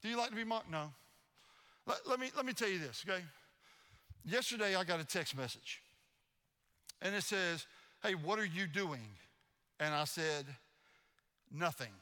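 A man preaching a sermon as pastor, telling stories in an animated, playfully mocking way. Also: high voice, normal speed, long pauses, clear, resonant tone, in a large hall. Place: church sanctuary.

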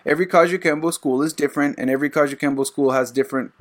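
Male podcast host, higher voice, loose rambling questions. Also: steady tone, rapid-fire. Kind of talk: casual interview.

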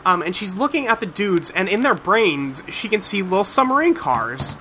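High, bright-voiced casual podcast guy. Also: very animated, normal speed, slight background noise. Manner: rambling, profane, lots of fillers. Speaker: podcast host recapping a cartoon. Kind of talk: casual chat.

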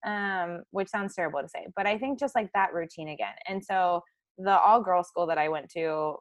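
Chatty young woman, low-pitched. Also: normal speed, no echo. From United States. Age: 20s. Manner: chatty, lots of "like" fillers. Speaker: podcast guest. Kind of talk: casual interview chat.

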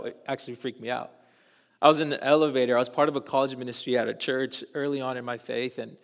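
Young male pastor, mid-range voice, casual animated sermon delivery, long hall reverb. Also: medium pitch. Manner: animated, casual storytelling, acts out dialogue. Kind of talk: sermon storytelling.

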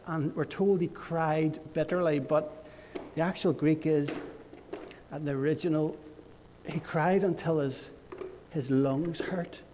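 A man leading a church service as pastor, telling a playful, animated story to children. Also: fairly high pitch, in a large hall.

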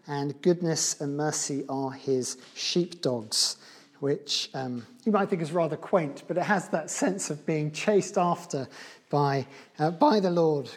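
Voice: medium pitch, a little mellow, breathy edge. A preacher delivering a sermon in a church, earnest and often restarting or repeating words.

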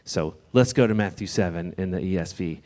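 A man with a fairly low voice delivers a sermon to his church. He talks in a conversational, gently reassuring way, easing into and out of scripture readings. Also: brisk. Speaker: pastor.

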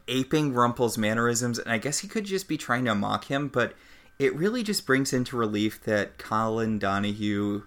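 A man's voice: fairly low pitch, a bit bright. A man co-hosting a podcast, recapping a TV episode in casual chat, with dry, wry commentary. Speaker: podcast co-host.

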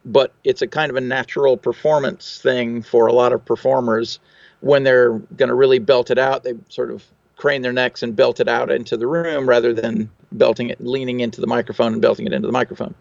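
A man's voice: medium pitch, flat delivery, brisk, vocal fry, dry recording, dull audio. A man, a recording engineer, answering interview questions in a thoughtful, technical way with fillers and restarts.

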